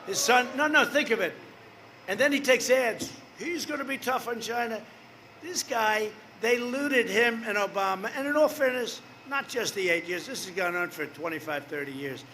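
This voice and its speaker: A man's voice: high voice, lively intonation, normal speed, sharp tone, a little hiss or hum. An older man in his seventies giving a rambling, boastful rally speech outdoors, with asides to the crowd. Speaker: political rally speaker.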